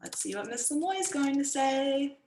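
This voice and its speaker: A woman's voice: high-pitched, expressive, moderate pace, darkish tone, reverberant, a little hiss or hum, low-quality recording. A woman martial arts instructor teaching an online workshop for kids in an upbeat, encouraging way, over a video call.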